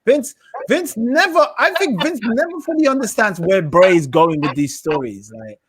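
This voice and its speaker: A man's voice: high voice, lively intonation, normal speed. A man hosting a wrestling podcast, chatting emphatically and repeating himself. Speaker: podcast host. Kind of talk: casual chat.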